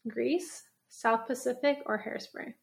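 A young woman co-hosting a casual podcast, reading quiz questions aloud slowly and laughing often. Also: a little high, vocal fry. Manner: playful, laughs often, slows down to read questions. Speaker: podcast co-host.

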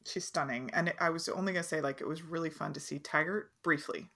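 Low-voiced woman chiming in agreeably. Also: fast talker, gravelly, sharp tone. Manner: agreeable, chimes in with short replies. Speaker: podcast co-host. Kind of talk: casual chat.

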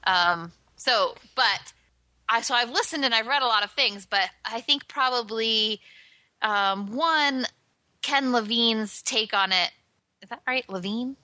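A woman's voice: fairly high pitch, measured pace, pushed and bright, no room sound. A woman co-hosting a TV podcast in casual chat, hesitant, with many ums and shrugging asides. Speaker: podcast co-host.

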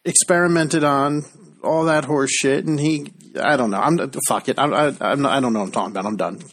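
A man's voice: mid-range voice, a little fast, fairly bright tone. A man co-hosting a casual pop-culture chat, rambling and hesitant, with casual swearing. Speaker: podcast co-host.

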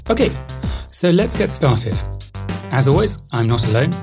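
A man's voice: medium pitch, very animated, moderate pace, music in the background. A man hosting a podcast, friendly and self-deprecating, with a few fillers. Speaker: podcast host.

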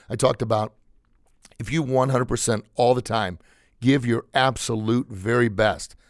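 A man's voice: medium pitch, vocal fry, darkish tone, no room sound, clean studio sound. A man hosting a podcast, giving an emphatic, conversational motivational talk that repeats its key points. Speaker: podcast host, motivational speaker.

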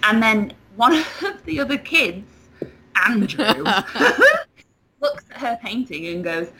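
Woman, chatty storyteller, bright voice, faint hiss. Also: on the high side, slow, poor audio. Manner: animated storyteller, laughs often. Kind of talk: casual chat.

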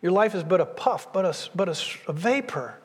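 A man's voice: high voice, animated, fairly quick, husky. A man in his sixties, a pastor preaching a sermon, speaking emphatically and repeating his key phrases. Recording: long hall reverb.

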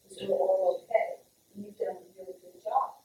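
A woman from the audience telling a personal story, halting and emotional, often dropping to a near whisper. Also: medium pitch, fairly even intonation, warm tone, lo-fi sound. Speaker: audience member. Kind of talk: personal story at a book talk Q&A. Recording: echoey hall, distant mic, faint noise.

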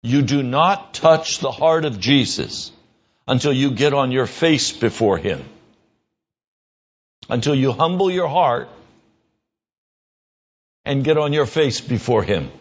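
A man's voice: lively intonation, muffled recording. A man preaching an earnest, emphatic radio sermon as a pastor. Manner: earnest preaching, slow and emphatic, rising in pitch when pressing a point.

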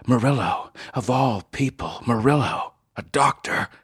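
A man's voice: fairly high pitch, big pitch swings, unhurried, fairly bright tone, breathy edge, no room sound, clean studio sound, pitched above the performer's own voice, exaggerated voice. A man doing a wheezing, pleading wounded producer. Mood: agonized. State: gasping in pain. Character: wounded middle-aged TV producer begging.

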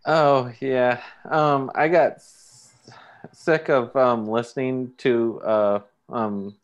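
A man's voice: mid-range voice, fairly even intonation, slow pace. A man from Orange County, California, telling a rambling anecdote with many fillers on a casual group call. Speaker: podcast guest. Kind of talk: casual chat. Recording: dull lo-fi call audio.

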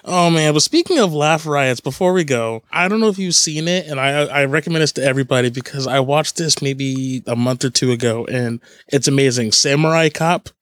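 A man hosting a podcast, chatting casually and rambling, quick to laugh. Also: medium pitch, a bit bright. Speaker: podcast host.

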